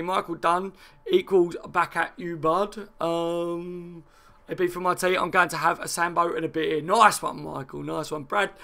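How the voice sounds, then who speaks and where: A man hosting a football fan channel, chatting fast and excitedly and answering viewer comments with frequent laughs. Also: on the high side, vocal fry. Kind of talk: live fan chat reacting to viewer comments.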